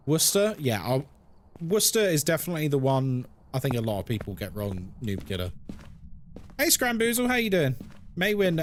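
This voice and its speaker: A man's voice: on the high side, slight background noise. A man streaming a game, chatting playfully and reading chat messages aloud. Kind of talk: casual live-stream chat.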